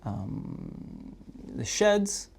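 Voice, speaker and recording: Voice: mid-range voice, huge pitch swings, gravelly, a little mellow, breathy edge. A game master narrating a tabletop game in a playful, chatty way. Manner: playful, chatty, quickly laughing.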